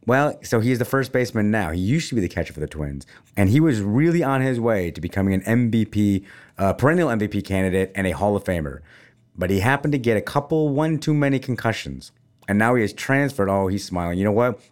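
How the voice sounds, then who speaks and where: Animated, teasing man hosting a chat. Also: on the low side, fast. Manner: animated, playful teasing, talks to listeners as folks. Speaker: podcast host. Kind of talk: casual chat.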